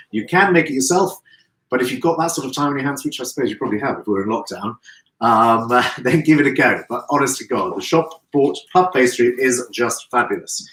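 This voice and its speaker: A man's voice: mid-range voice, a bit bright, reverberant, rough recording. A man hosting a live cooking demonstration, chatty and playful, with asides to viewers.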